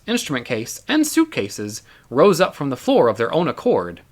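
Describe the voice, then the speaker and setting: A man reading his own novel aloud in an expressive first-person narration. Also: mid-range voice. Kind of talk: audiobook narration.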